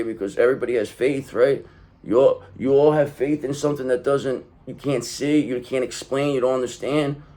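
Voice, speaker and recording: A man giving a casual tarot reading, talking in an emphatic, profane, streetwise way and swinging between loud bursts and low asides. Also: slight background noise. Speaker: tarot reader.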